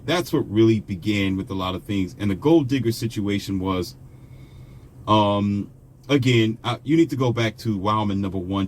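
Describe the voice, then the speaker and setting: Low-voiced man telling a story. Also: a little hiss or hum. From United States. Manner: chatty, conversational, with frequent fillers and asides to the viewer. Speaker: vlogger. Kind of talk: casual storytelling monologue.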